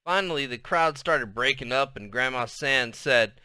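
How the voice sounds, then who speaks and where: A man reading a novel aloud as storybook narration, in a lively, expressive way. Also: mid-range voice, moderate pace, few pauses, smooth, no room sound, studio quality. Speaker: audiobook reader.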